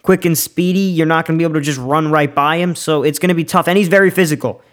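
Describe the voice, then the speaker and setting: A young sports podcast host with a slightly higher-than-average voice goes on a heated, opinionated football rant. He talks fast and loose, repeating himself and restarting sentences as he gets worked up, in unscripted, casual podcast style. His intonation stays fairly even, and his tone is a bit bright.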